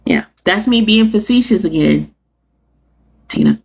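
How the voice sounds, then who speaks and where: A woman hosts her own show and rants to her viewers with sarcastic, animated energy. Her voice is husky, with a gravelly edge. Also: mid-range voice, unhurried. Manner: animated, sarcastic, laughs often, addresses chat. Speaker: podcast host. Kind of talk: live-streamed rant to viewers.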